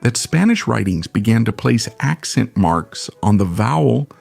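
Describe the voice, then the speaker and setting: Gravelly man narrating an explainer. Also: fairly low pitch, sing-song, a little mellow, faint music behind. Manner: measured, explanatory. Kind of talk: scripted educational narration.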